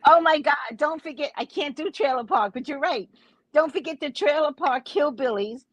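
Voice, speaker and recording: An American woman hosting a casual livestream, talking to her chat in an animated way and laughing often. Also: high-pitched, normal speed, dry recording, lo-fi sound. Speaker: livestream host.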